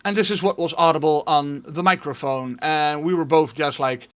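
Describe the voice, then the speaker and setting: A man running a tabletop game on a live stream, his voice sitting a touch high. He narrates loosely and casually, with lots of small fillers and restarts. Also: normal speed, muffled recording, a little hiss or hum. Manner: relaxed storytelling with many fillers. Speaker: game master.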